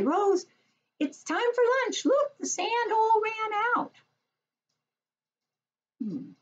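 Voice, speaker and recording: A woman who teaches preschool reads a picture book and chats gently to young children, recorded at home. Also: medium pitch, muffled recording, slight background noise. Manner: gentle, expressive storytelling to small kids.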